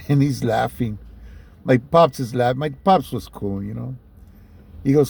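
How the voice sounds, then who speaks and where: A man's voice: mid-range voice, normal speed, creaky, darkish tone, breathy edge. A middle-aged man, telling a personal story in a laid-back, casual way, dropping "man" and "you know" and chuckling often.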